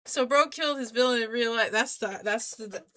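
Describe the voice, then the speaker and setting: A woman streamer giving casual commentary while playing, loud and joking, swearing often. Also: on the high side, a little fast. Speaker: VTuber streamer.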